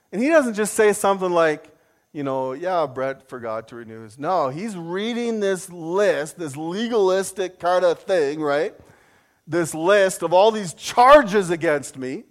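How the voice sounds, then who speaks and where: Guy preaching, tells a funny story on himself, voice shoots up when he gets worked up, kinda high pitched. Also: moderate pace. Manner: animated storyteller, voice jumps high when mimicking outrage; self-deprecating humor. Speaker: pastor. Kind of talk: sermon with personal story.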